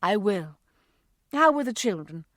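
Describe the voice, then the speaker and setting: A woman voicing a warm, caring mother who speaks earnestly. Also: mid-range voice, sing-song, measured pace, dry recording, clean studio sound.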